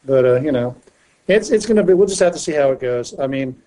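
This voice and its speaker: A man's voice: medium pitch, expressive, brisk, warm tone, rough recording. A man chatting on a podcast panel, talking in a rambling, hesitant way with many restarts. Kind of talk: casual chat.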